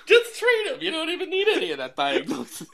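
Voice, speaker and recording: Brief: woman doing a crude TV doctor impression, high-pitched, faint hiss behind. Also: huge pitch swings, a little fast, full character voice. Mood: mock-deadpan. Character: blunt, rude male TV doctor.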